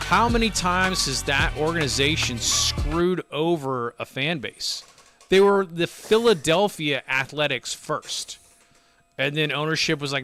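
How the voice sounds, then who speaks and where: A man co-hosting a sports podcast in casual chat, ranting and spinning stories with frequent profanity. His voice is bright and slightly high-pitched, recorded dry and close with no room echo. Faint music plays underneath. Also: lively intonation, measured pace. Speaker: podcast co-host.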